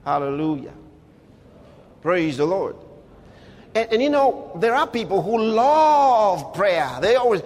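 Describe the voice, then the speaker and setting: A man preaching a sermon, emphatic and rhetorical, swinging between quiet asides and loud exclamations. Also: sits high, sing-song, unhurried, slight background noise. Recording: long hall reverb.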